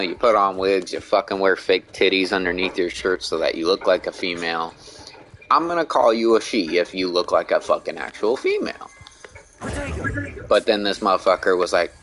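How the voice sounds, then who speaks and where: A man's voice: low-pitched, a bit bright, low-quality recording. A man streaming a game, ranting bluntly in casual talk and swearing a lot. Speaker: gaming streamer. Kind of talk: casual rant while gaming.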